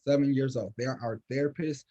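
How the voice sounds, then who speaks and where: A man working as a counselor, answering questions in casual, animated talk with lots of fillers. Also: mid-range voice, fairly quick, dull audio. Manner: animated, conversational, many fillers.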